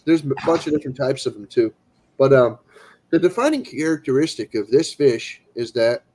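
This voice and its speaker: A man's voice: mid-range voice, moderate pace, poor audio. A man streaming, telling a rambling story casually and acting out the people in it. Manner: animated, acts out quoted people; rambling with restarts.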